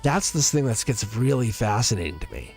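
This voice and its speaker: A man with a mid-range voice hosts a live tarot stream, chatting in a loose, earnest ramble full of "um"s, restarts and little laughs. Soft music plays faintly behind him. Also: mid-range voice, big pitch swings, fairly quick, vocal fry. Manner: laughs often between thoughts. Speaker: tarot reader hosting a livestream. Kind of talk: casual livestream chat.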